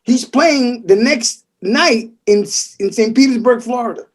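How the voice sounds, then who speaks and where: A middle-aged man from the Bronx with a New York accent, telling stories in a casual interview, animated and swearing, acting out the voices of people in them. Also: extremely high pitch, a little slow, a little hiss or hum. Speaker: guest percussionist.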